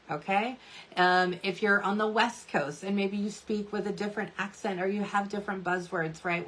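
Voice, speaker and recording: A woman in her thirties giving a chatty social media tutorial, often checking in with "right?" and "okay?". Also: mid-range voice. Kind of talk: casual tutorial talk to camera.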